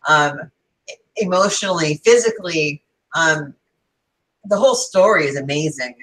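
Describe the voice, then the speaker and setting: A woman's voice: low-pitched, expressive, normal speed, a bit bright, low-quality recording. A woman co-hosting a casual podcast chat, talking in an enthusiastic, emphatic way. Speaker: podcast co-host.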